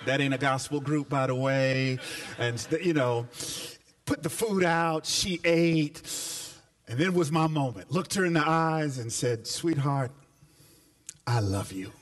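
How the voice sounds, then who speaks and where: A male pastor preaching a sermon, animated and full of repeated phrases, telling folksy, humorous stories to his congregation. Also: a little high, unhurried. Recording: voice picked up from a distance.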